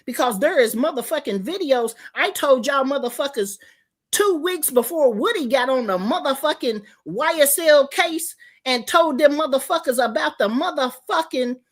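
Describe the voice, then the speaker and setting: Brief: older woman, high voice, animated and profane streamer rant. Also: normal speed. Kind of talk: livestream rant.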